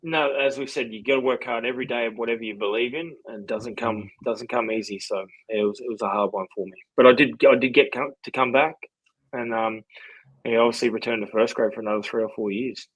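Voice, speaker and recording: A man in his forties with an Australian accent, a podcast guest telling his story in a relaxed, rambling way with lots of fillers. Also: mid-range voice, quick pace, breathy edge, dry recording, low-quality recording. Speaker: podcast guest, former rugby league player. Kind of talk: casual storytelling interview.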